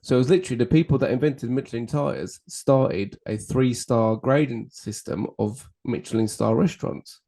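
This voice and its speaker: A man co-hosts a casual podcast chat at an ordinary middle pitch. He is relaxed and rambling, drops in casual swearing, and often trails off mid-thought. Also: normal speed, vocal fry, few pauses. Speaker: podcast co-host.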